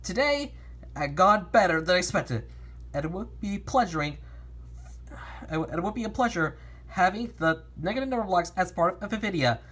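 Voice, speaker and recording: Husky woman reading a storybook. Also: lowish voice, moderate pace. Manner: lively, with frequent restarts and stumbles. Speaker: narrator reading a fan story.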